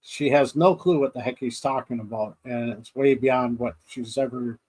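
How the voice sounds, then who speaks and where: A man's voice: mid-range voice, normal speed, darkish tone, breathy edge, low-quality recording. A man co-hosting a podcast in casual chat, rambling through scenes, acting out his own reactions and laughing often. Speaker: podcast co-host.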